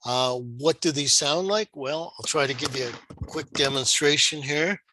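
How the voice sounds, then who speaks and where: A man's voice: fairly high pitch, unhurried, background noise. A man teaching guitar modes in a screen-shared lesson, patient and explanatory, asking the viewer rhetorical questions.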